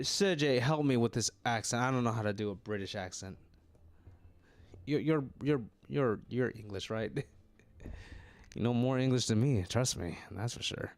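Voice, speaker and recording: A man's voice: mid-range voice, normal speed, dry recording. A man giving casual, self-deprecating commentary while playing through a dating game. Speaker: game streamer.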